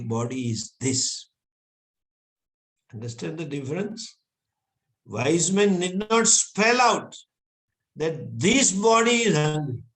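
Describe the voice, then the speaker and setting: A man gives a scripture lecture in a fairly high voice. He speaks slowly and patiently and breaks into small chuckles often. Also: a bit bright. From India. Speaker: Vedanta teacher.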